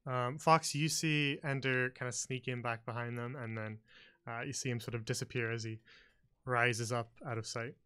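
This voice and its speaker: A man narrating as game master of a tabletop game, halting often with fillers. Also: mid-range voice, steady tone, bright, forceful tone, clear, resonant tone.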